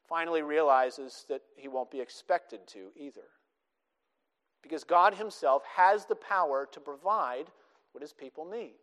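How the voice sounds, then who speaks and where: High-voiced preacher in a reverberant hall. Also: male voice. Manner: expository preaching, quoting scripture with emphatic rises. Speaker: pastor. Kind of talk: sermon.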